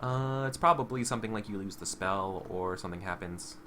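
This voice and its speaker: Male game master, bright tone, halting delivery, faint noise behind. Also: fairly low pitch. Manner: hesitant, full of fillers and restarts. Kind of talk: narrating a tabletop game.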